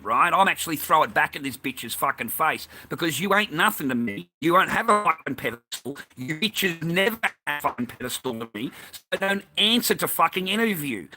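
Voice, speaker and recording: An Australian man vents in a fiery, profane monologue, circling back over the same complaints. His voice sits a little high and rings bright and forceful. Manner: profane, heated and repetitive. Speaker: vlogger. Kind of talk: angry ranting monologue.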